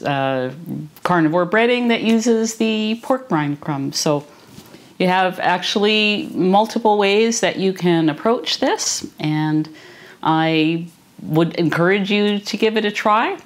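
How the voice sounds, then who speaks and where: A woman chatting casually in her home kitchen as she tastes her cooking for a vlog. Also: on the low side. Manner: relaxed and chatty, tasting as she talks. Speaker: cooking vlogger. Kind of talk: casual cooking video chat. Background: clinking cutlery and dishes.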